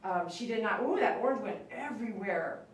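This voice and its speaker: A woman's voice: mid-range voice, lively intonation, a little fast. A woman dog groomer chatting casually on a live stream as she works, coaxing the dog in a sing-song voice. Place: grooming room. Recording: very echoey room, mic at a distance.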